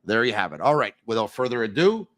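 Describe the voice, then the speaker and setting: A man's voice: medium pitch, sing-song, fast talker, fairly bright tone, dry recording. Upbeat man hosting a hockey podcast. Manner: emphatic, upbeat, talks to listeners directly. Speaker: podcast host. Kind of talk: energetic podcast hosting and ad reads.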